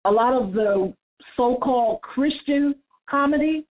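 A woman's voice: sits high, a little slow. A woman on a church roundtable sharing testimony in an earnest, casual way, often repeating words as she starts a thought. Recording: tinny phone-like line.

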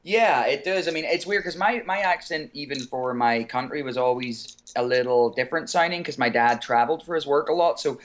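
An Irish man from Ireland, calling in as a guest singer and chatting in an easygoing way, chuckling and pausing on fillers. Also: medium pitch. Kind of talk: casual call-in chat.

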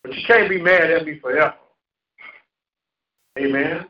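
A male pastor preaching a sermon with call-and-response, laughing at times and rising into shouts. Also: a little high, moderate pace, a little hiss or hum. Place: church sanctuary. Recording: echoey church hall, lo-fi. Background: congregation responding.

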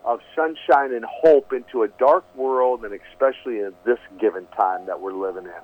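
A man's voice: mid-range voice, normal speed. A man guest telling his story earnestly, often restarting and repeating words, speaking on a phone line. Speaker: guest, preacher. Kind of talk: storytelling testimony.

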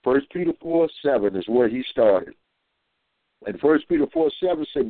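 Male minister calling in, mid-pitched, folksy and rambling, over a dry, tinny phone line. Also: animated, moderate pace, no room sound. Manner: rambling, repeats himself, acts out voices. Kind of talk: folksy storytelling and preaching.

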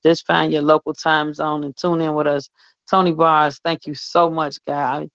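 A woman's voice: low-pitched, little pitch movement, moderate pace, clean tone, no echo. A woman co-hosting a radio show, talking in a fervent, preachy way and repeating herself for emphasis. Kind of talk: casual on-air chat. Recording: dull lo-fi audio.

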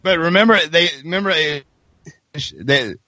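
A man's voice: fairly high pitch, normal speed, no echo. A man with a Southern accent hosting a podcast, joking around and telling stories in casual chat. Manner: joking, animated storyteller. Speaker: podcast host. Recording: dull lo-fi dry sound.

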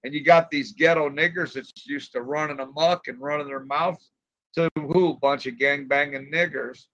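A man's voice: fairly high pitch, fairly even intonation, normal speed, a bit bright, no echo, lo-fi sound. A man telling crude stories in casual chat, rambling and profane, often laughing at his own tales.

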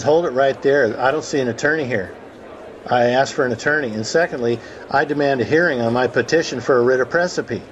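Man, story-telling host, conversational, acts out quotes, muffled call audio, faint noise behind. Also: mid-range voice. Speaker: host of a call about the law.

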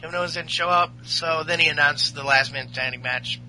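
A man's voice: on the high side, brisk, pushed and bright, low-quality recording. A man co-hosting a podcast in casual chat, rambling and laughing with crude humor. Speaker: podcast co-host.

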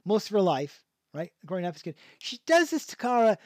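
A man's voice: sits high, very animated, brisk, no room sound, studio quality. Rambling man hosting a review podcast. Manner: rambling, many restarts, frequent chuckles. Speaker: podcast host. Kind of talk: casual review chat.

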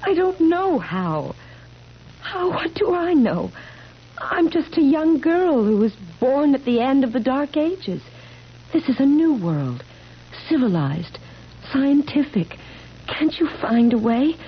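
A woman's voice: sits high, sing-song, takes it slowly, exaggerated voice. An actress playing a woman cursed to stay eighteen forever, pleading and anguished, in a 1970s radio drama. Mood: desperate. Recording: dull old radio broadcast with faint hiss.

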